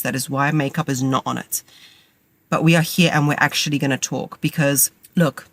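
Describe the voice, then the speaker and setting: Her voice sits low and sounds a bit bright. She's a woman in her thirties with a cold, hosting a podcast from a parked car on a makeshift mic, chatting to listeners in a rambling, self-mocking casual monologue.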